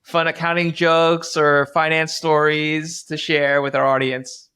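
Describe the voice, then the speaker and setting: A man's voice: a little high, little pitch movement, a little slow, sharp tone, clear, resonant tone. A man hosting a casual podcast conversation, asking friendly questions in loose, filler-laden phrasing. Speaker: podcast host, finance executive.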